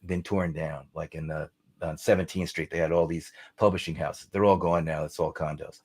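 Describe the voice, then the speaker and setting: A man's voice: very deep voice, steady tone, moderate pace, a little mellow, breathy edge. A middle-aged man, a songwriter guest, rambling and chatty as he tells stories in a casual interview.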